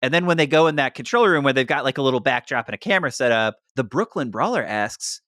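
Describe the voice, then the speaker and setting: A man's voice: mid-range voice, lively intonation, fast talker, pushed and bright, dry recording, studio quality. A man co-hosting a podcast, recapping a show with a sarcastic, joking manner. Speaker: podcast co-host. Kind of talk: casual recap chat.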